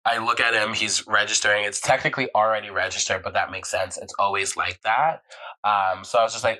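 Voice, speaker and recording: Young male vlogger, slightly low voice, animated storyteller who jumps into character voices. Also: quick pace, rough recording. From Southern California. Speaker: vlog host. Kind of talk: casual storytelling.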